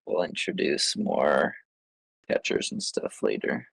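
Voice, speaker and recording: Chill low guy player, talks slow, dry close sound. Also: lively intonation, gravelly, husky, dry recording. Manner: laid-back, planning out loud. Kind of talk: casual tabletop chat.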